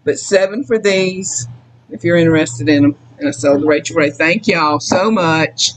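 A woman's voice: deep voice, normal speed, a little hiss or hum, rough recording. A middle-aged woman with a Southern US accent, chatting emotionally and folksily while selling items on a live sale. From Mississippi. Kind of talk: casual live sale chat.

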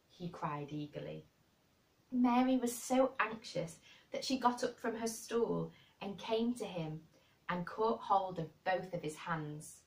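A woman reading a classic children's novel aloud in an expressive storybook manner. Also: on the low side, unhurried. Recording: roomy and distant.

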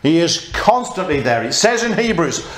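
Guy preaching, kinda high voice, chatty, echoey church room. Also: big pitch swings, normal speed, a bit bright. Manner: conversational preaching, reads scripture aloud. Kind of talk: sermon.

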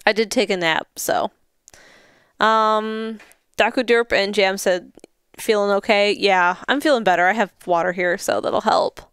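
Brief: sleepy female co-host, smooth clear voice, dry close sound, reading chat. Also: medium pitch, measured pace, dry recording. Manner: relaxed, reads chat aloud. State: tired, yawning. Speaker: stream co-host. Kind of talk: casual chat reading viewer comments.

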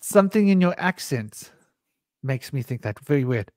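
A man's voice: medium pitch, big pitch swings, moderate pace, a little mellow, no echo, studio quality. Rambling anecdotal male storyteller. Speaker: podcast host. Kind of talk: candid storytelling conversation.

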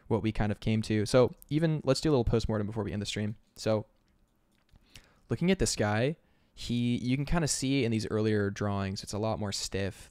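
A man's voice: lowish voice, a little mellow, no echo. A man chatting casually on an art livestream, upbeat and chatty, laughing often. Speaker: concept artist streamer.

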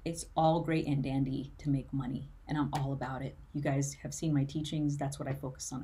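A woman's voice: low voice, mellow, husky. A woman music career coach talking to camera in an earnest, emotional way, tearful at times and full of "like" fillers. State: tearful, near crying. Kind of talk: motivational talk to camera.

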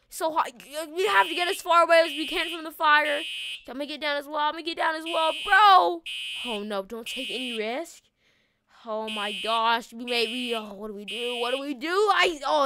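A woman giving excitable, panicky gameplay commentary as the host of a gaming channel, laughing often. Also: high voice, background noise.

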